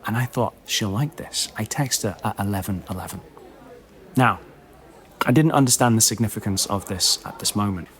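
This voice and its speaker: A man's voice: lowish voice, fairly quick. Self-mocking man telling a story. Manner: animated, self-mocking, chatty with many "right?" asides. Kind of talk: comic storytelling on a podcast.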